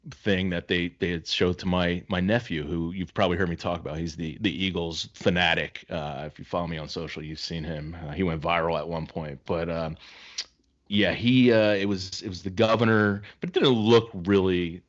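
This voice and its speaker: A deep-voiced man co-hosts a casual podcast, spinning a story with lively acted-out voices for the people in it. The audio is a little dull and lo-fi. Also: moderate pace. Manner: animated storyteller acting out quoted voices. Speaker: podcast co-host.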